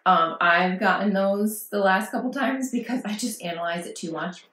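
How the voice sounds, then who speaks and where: A woman's voice: medium pitch, moderate pace, pushed and bright. Chatty woman vlogger in an echoey room. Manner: chatty and reassuring, acting out worried quotes. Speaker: parenting vlogger. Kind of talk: casual advice talk to camera.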